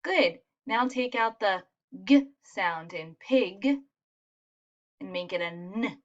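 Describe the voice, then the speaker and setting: Slow, patient woman teaching phonics. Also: medium pitch, highs cut off. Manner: slow, patient and encouraging, spelling out sounds. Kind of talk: recorded phonics lesson for children.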